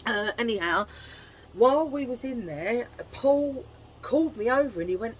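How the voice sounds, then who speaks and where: A woman chatting casually to camera at home in a chummy way, full of quick asides. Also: a little high, animated, a little hiss or hum, rough recording. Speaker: haul vlogger.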